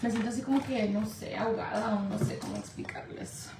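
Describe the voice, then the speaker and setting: A woman's voice: a little high, quick pace. A woman from California doing a casual makeup livestream, chatty and profane, laughing often and slipping into Spanish. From Indio, California. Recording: echoey room with faint noise.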